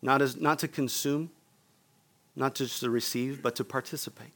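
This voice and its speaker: A male pastor delivers an earnest sermon in a mid-pitched, gravelly voice. He speaks directly to the congregation and often pauses for their response. His tone stays sincere and steady throughout. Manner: earnest preaching, asks the room for responses.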